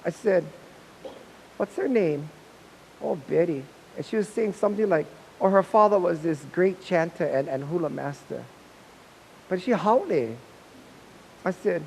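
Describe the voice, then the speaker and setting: A man's voice: high-pitched, normal speed, creaky, a little mellow, a little hiss or hum, rough recording. A Hawaiian man who teaches hula, telling a story in an interview and acting out the remembered dialogue with animation.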